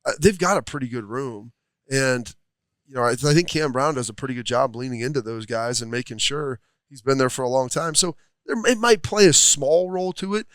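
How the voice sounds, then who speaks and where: Ex-player analyst, mid-pitched man, dry close sound, rambling and thoughtful. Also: brisk, fairly bright tone, dry recording. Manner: thoughtful, rambling, many fillers. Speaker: former football player turned analyst. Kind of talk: casual sports talk. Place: restaurant studio.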